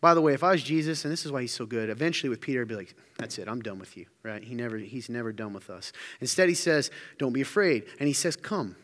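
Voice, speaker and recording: A man preaching a sermon as a pastor, telling stories with lively acted-out quotes. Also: mid-range voice, fast talker, few pauses. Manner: animated storytelling, acts out quotes. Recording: live hall reverb.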